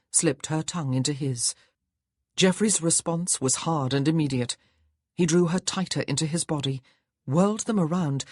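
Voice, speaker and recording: A man narrating a historical romance audiobook in a measured, even storytelling manner. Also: fairly high pitch, no echo, studio quality. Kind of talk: scripted narration.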